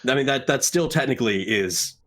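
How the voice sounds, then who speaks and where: A man co-hosting a relaxed video game discussion. He talks at an ordinary middle pitch. He jokes around and acts out quick bits with lots of energy. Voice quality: joking, animated storyteller. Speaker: podcast co-host. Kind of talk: casual chat.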